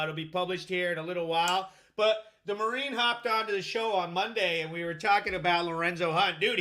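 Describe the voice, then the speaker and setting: A man's voice: sits high, pushed and bright. A man hosting a live podcast show, talking in a profane, hyped and rambling way about fight news and headlines. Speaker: podcast host; video editor. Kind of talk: live-stream commentary.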